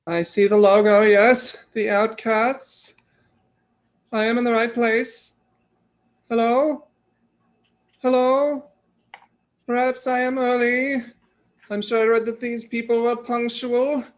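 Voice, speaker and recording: A woman's voice: on the high side, flat delivery, slow pace, pauses often. A woman playing a formal, literal-minded alien posing as a human newcomer in a comedy sketch rehearsal on a video call. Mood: puzzled.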